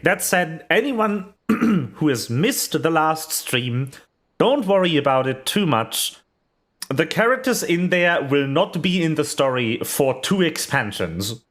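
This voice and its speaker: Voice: mid-range voice, expressive, measured pace. A VTuber streamer giving rambling, chatty commentary while playing, full of fillers and small laughs. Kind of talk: casual game stream commentary.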